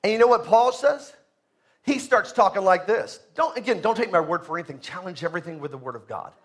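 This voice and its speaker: A man, a pastor, preaching a sermon in a church, emphatic and rising loud on key points. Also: sits high, quick pace.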